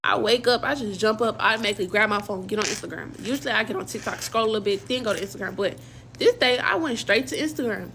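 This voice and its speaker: A woman's voice: mid-range voice, fast, a bit bright, slight background noise. A young woman casually telling a personal story in slang, acting out quoted dialogue as she goes. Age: young adult.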